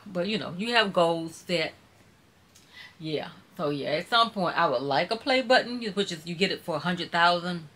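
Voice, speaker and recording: Chatting in a casual, folksy way, a YouTuber from Mississippi talks with her live-stream audience in a Southern accent. She has a mid-range voice that sounds bright and forceful.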